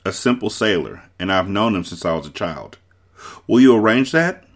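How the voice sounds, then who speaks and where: A man voicing an earnest young woman, a princess-to-be, in a storybook reading, soft and pleading. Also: lowish voice, expressive, normal speed.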